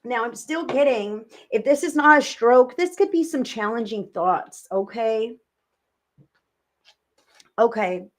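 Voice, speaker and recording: A woman hosting a live psychic reading stream, talking to her viewers with gushing affection. Her voice sits a little high, and she rambles warmly from one name to the next. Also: animated, takes it slowly, pauses often.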